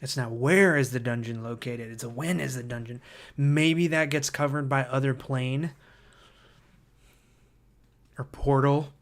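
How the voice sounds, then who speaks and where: A man hosting a livestream who reads viewer comments aloud and thinks out loud, hesitant and full of fillers, easily excited by ideas. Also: mid-range voice, a little slow, pauses often. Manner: enthusiastic about ideas. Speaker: livestream host.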